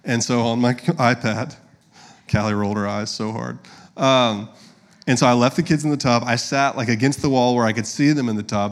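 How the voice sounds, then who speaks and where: A man, preaching a sermon as a pastor in a conversational, storytelling way and addressing the congregation directly. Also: medium pitch.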